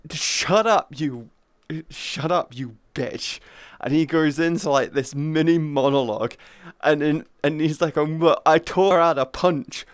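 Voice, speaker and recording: A man's voice: fairly high pitch, smooth, dry recording. A man livestreaming in VR, chatting casually with viewers in crude, profane, joking banter. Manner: greets and thanks chat viewers.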